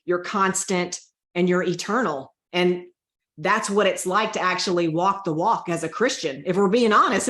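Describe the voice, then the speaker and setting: A woman's voice: on the low side, fairly bright tone, reverberant. A woman guest on an interview show telling a personal story in an earnest, emotional way, often repeating her own prayers aloud. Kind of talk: heartfelt testimony interview.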